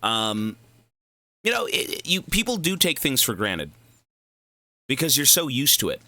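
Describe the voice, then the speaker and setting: Young man, game streamer, very bright voice, lively swinging pitch, rambling and profane. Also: a little slow, no room sound. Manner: rambling, profane, goes off on tangents. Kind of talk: casual livestream chat while gaming.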